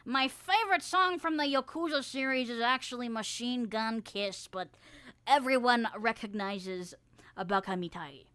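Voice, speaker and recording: A woman's voice: fairly high pitch, normal speed, fairly bright tone, clean tone, dry recording. Giggly rambling young woman streamer. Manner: giggly, rambling, swears casually. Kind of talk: casual chat stream.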